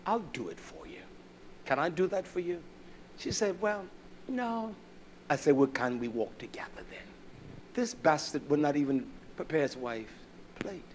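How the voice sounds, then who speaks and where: A middle-aged man preaching a sermon in a somewhat high voice. He swings from loud, shouted declarations to low, muttered storytelling. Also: expressive, normal speed, long pauses, a little hiss or hum.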